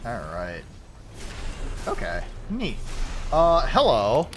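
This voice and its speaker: A man chatting casually while streaming a game, swinging between loud outbursts and mumbled asides. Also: medium pitch, wildly swooping pitch, unhurried, pauses often, noisy background. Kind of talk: casual gaming livestream chat.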